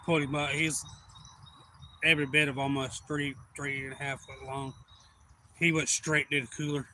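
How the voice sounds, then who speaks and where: A man hosting a fishing livestream, telling a rambling, folksy story that turns loud and excited. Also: medium pitch, normal speed, a little hiss or hum, poor audio.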